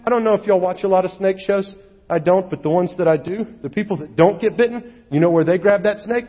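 A male pastor preaching a sermon with animated, humorous storytelling, recorded in a church hall. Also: high-pitched, brisk. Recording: dull echoey hall recording.

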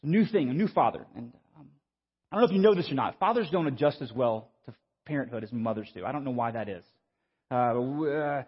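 High, husky preacher in a hall. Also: male voice. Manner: animated storyteller, stammering restarts, self-mocking humor. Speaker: pastor. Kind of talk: sermon with a storytelling anecdote. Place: church sanctuary. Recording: muffled sound with long hall reverb.

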